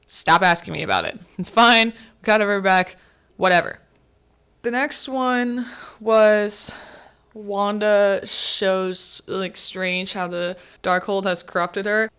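A woman hosting a podcast, chatting casually through a movie recap, full of "like" fillers and quick asides. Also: steady tone, fairly bright tone, clear, resonant tone. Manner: acts out characters' lines with pitch swings. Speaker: podcast host.

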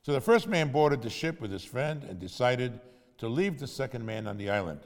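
A man's voice: medium pitch, expressive, moderate pace, big-room sound. A man preaching in storytelling style, conversational and asking his audience questions. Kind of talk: sermon storytelling.

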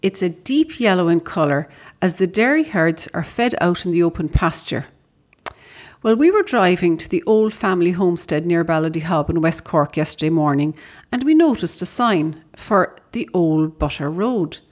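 A woman's voice: on the low side, expressive, moderate pace. A woman with an Irish accent, a podcast host, reading out a prepared letter with conversational storytelling asides. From Ireland.

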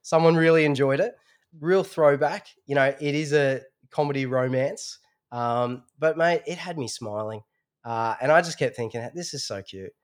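Man rambling in casual podcast chat. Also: a little high. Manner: rambling, halting, many restarts. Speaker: podcast co-host.

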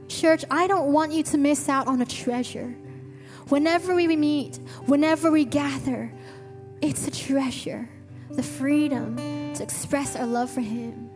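A woman's voice: high voice, steady tone, a little slow, a little mellow. A woman preaching a sermon to her church, telling an earnest story with eager restarts. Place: church hall. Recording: long reverb with faint music.

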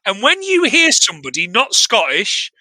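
A man's voice: high-pitched, wildly swooping pitch, normal speed, pushed and bright, no echo, poor audio. An English man co-hosting a podcast, chatting casually about a film with lots of swearing and restarts. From England. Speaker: podcast co-host. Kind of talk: casual chat recapping a film.

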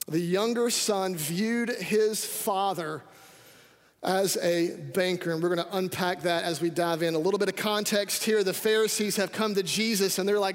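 A man preaching a sermon as pastor, energetic and calling out to his congregation. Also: high voice, normal speed. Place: church sanctuary. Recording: reverberant hall.

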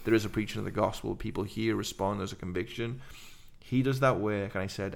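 A middle-aged man with an English accent, a podcast guest telling his story in fast, animated run-on sentences. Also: on the low side, gravelly. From England. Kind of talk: casual conversation.

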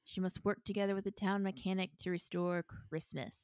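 A woman's voice: lowish voice, steady tone, a little fast, a little mellow, dry recording, clean studio sound. A woman co-hosting a podcast, giving frank opinions in a casual chat and laughing between remarks. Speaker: podcast co-host. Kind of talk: casual movie review chat.

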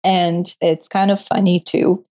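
A woman's voice: on the low side, flat delivery, measured pace, darkish tone. Young woman guest, laughs a lot, heartfelt storytelling, slightly muffled lo-fi recording. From moved to Canada. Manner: laughs often, emotional storyteller. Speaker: guest, medical student. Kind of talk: casual interview chat. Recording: muffled lo-fi audio.

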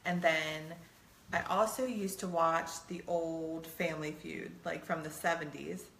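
A middle-aged woman chats through a couples guessing game, playful and quick to laugh. Her voice sits a little low yet sounds bright and forward. The room around her is echoey, with a faint hiss underneath. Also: fairly even intonation, vocal fry. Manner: giggly, playful, teasing. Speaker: co-host playing a couples quiz game. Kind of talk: casual chat.

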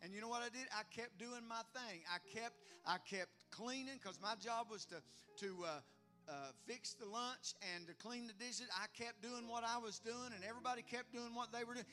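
A male preacher with a very high, bright, forceful voice delivers an animated sermon. He laughs often, acts out the voices he quotes and builds to loud, exclamatory praise, with faint music behind him. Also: moderate pace.

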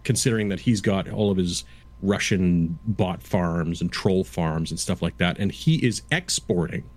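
Halting man in his fifties. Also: low voice. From Canada. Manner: halting, explanatory, lecturing with frequent restarts. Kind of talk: casual chat.

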